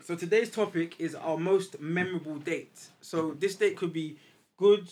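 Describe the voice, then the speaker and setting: A man's voice: on the high side, moderate pace, darkish tone. A man hosting a casual podcast chat, playful and jokey. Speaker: podcast host.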